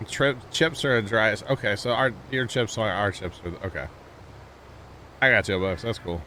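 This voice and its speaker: A fairly low-pitched man with a pushed, bright voice talks at a moderate pace. He's a livestream gamer from Missouri with a St. Louis accent who rambles, laughs easily, and chats casually with viewers as he plays. There's a little hiss or hum in the recording.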